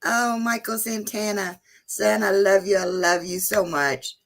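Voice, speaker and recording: Speaking unhurriedly in a steady, medium-pitched voice, a woman hosts a relaxed livestream. She talks to her viewers, reads out names from the chat and frequently laughs.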